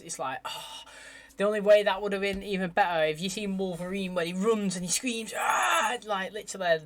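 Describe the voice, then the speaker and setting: A young man with an English accent, chatting casually as he reacts to a TV episode, saying "mate" often. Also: sits high. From England. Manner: chatty, animated, says "mate" a lot. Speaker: TV reaction host.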